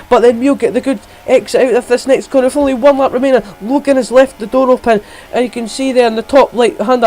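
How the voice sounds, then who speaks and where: Guy with a really high voice calling his racing game like a tv commentator, gets super excited. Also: low-quality recording. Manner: rapid, excitable, jumps in pitch at key moments. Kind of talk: excited race play-by-play commentary.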